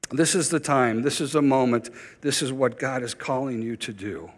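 A man's voice: on the high side, moderate pace, few pauses, long reverb tail. A man preaching a sermon as pastor, urgent and emphatic, repeating key phrases for weight.

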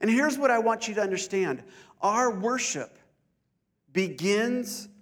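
A male pastor preaching a sermon at a church service, deliberate and slowing down to stress key points. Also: high-pitched, animated, fairly bright tone. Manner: deliberate, slows down for emphasis.

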